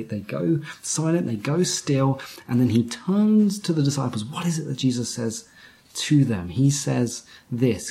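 Guy preaching a sermon, slow and gravelly, keeps restarting words and drops to a whisper now and then. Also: on the high side, a little mellow. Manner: halting, repeats words, drops to whispers for emphasis. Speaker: pastor.

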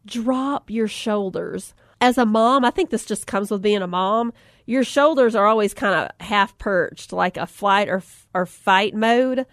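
A middle-aged woman, telling a funny personal story, chatty and animated, laughing often and acting out the voices she quotes. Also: mid-range voice, unhurried, no room sound, clean studio sound. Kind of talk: humorous storytelling talk.

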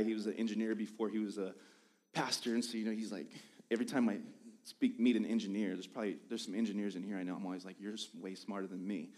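A man's voice: lowish voice, darkish tone. A man in his thirties who is lead pastor, preaching in a church with casual, self-deprecating jokes and tangents. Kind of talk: sermon with casual storytelling. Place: church sanctuary.

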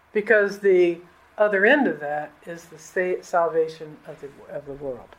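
A middle-aged woman pastor preaching a conversational sermon in a casual, colloquial way, often jumping higher in pitch to stress a point. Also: a little slow, poor audio.

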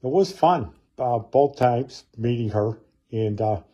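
A man with a very dark, husky voice talks casually and loosely as a host, pausing often between thoughts. His delivery is relaxed and unhurried. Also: medium pitch, highs cut off. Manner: relaxed, hesitant with fillers. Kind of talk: casual chat.

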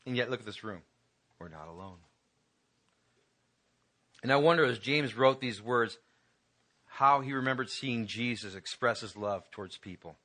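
A man's voice: medium pitch, animated, moderate pace, pauses often, sharp tone. A man pastor preaching a conversational sermon to his congregation, building to emphatic peaks.

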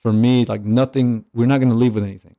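A man who is a catching coach and trainer, chatting casually on a podcast and telling stories with lively acted-out dialogue and easy swearing. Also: medium pitch, fast talker. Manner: animated storyteller, acts out dialogue, swears casually.

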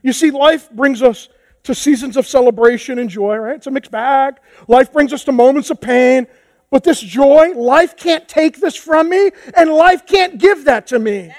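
A man preaching a passionate sermon as pastor, moving from hushed tones to shouts. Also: very high-pitched, normal speed, no echo. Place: church hall with a congregation.

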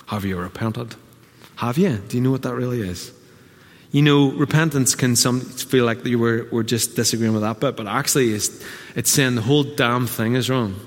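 A man preaching a conversational sermon, often slipping into quick quoted asides. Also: mid-range voice, long reverb tail. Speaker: pastor.

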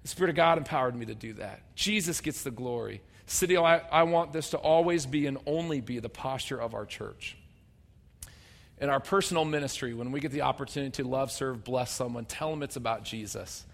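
A man preaching a sermon as pastor, conversational and humorous, swinging between loud emphatic bursts and quiet low asides. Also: a little fast, vocal fry. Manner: conversational and humorous, acting out people's voices.

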